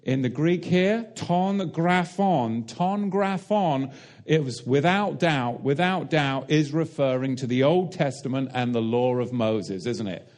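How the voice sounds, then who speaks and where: A man's voice: mid-range voice, unhurried, hardly any pauses, a little mellow. A man preaching a sermon, emphatic and direct, asking the listeners rhetorical questions and explaining Hebrew and Greek terms.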